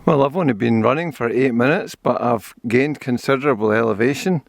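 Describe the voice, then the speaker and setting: A man's voice: mid-range voice, fairly quick, gravelly, slight background noise. An older man with a Scottish accent chatting casually to a handheld camera as he runs and walks along an outdoor forest trail, rambling cheerfully about the view. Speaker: vlogger. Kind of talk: casual walking and running commentary.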